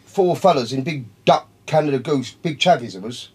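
A man's voice: mid-range voice, normal speed, darkish tone, slightly rough. A man, telling a long, profane story in casual talk, rambling and calling his listeners by name. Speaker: podcast guest.

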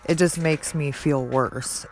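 A woman hosting a podcast, speaking in an earnest, halting personal monologue with many pauses and fillers. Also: sits low, soft background music. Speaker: podcast host.

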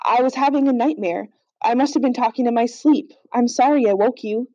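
A woman puts on a frightened young captive woman with a soft, pleading, trembling way of talking. The voice is mellow and dry, and the recording is slightly dull and lo-fi. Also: medium pitch, fairly even intonation, moderate pace, husky, no echo. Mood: fearful.

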